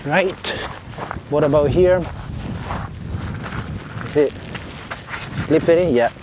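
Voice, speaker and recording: A man's voice: on the high side, slow pace, noisy background. A man with an Italian accent, walking and chatting casually to viewers by a seaside harbour, often correcting himself and apologising. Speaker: vlogger. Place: outdoors by a seaside village harbour and beach. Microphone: clip mic under a jacket.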